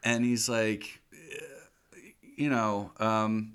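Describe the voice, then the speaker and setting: Bright-voiced man recapping a comedy. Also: on the low side, level tone, clean tone. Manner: retells scenes, acting out characters in quick voices. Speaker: podcast co-host. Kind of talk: casual movie recap chat.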